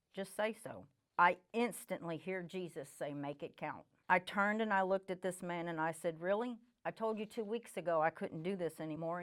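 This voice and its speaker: A middle-aged woman telling her personal testimony in an earnest, reflective way. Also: on the low side. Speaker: church member giving testimony.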